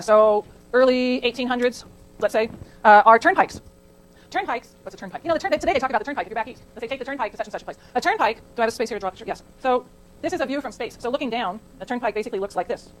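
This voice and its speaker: A woman's voice: fairly high pitch, lively intonation, rapid-fire, slight background noise, low-quality recording. A middle-aged woman from California giving a chatty classroom lecture, digressing into anecdotes and asking the class questions. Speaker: college lecturer. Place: lecture hall.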